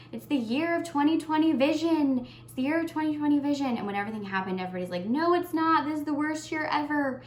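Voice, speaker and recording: A young adult woman vlogging, earnest and heartfelt, talking warmly to her viewers and getting emotional. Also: medium pitch, echoey room, a little hiss or hum. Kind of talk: casual year-end tag vlog.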